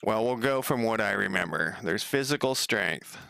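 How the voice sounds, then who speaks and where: A man's voice: on the low side, lively intonation, normal speed, creaky, pushed and bright, smooth, dry recording, studio quality. A man coding a game on a casual livestream, thinking aloud, rambling, swearing casually and chatting with viewers.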